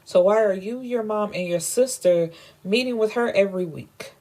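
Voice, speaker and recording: A man's voice: high-pitched, normal speed, a little mellow, lightly acted. A woman voicing a controlling rich man who interrogates bluntly and swears while recapping a story. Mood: cold. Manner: blunt, profane, accusing.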